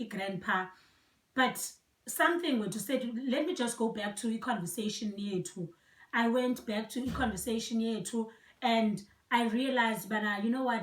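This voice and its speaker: Young Xhosa-accented woman, slightly high voice, earnest and reflective personal storytelling, recorded from a distance in a roomy space. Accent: South African, Xhosa. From South Africa. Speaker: vlogger. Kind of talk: personal storytelling, code-switching. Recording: echoey room, voice from a distance.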